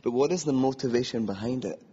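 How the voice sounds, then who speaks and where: Husky guy preaching at a podium, earnest personal testimony, long hall echo, dull muffled sound. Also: mid-range voice, fast, dark tone. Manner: earnest and reflective, acts out inner voices.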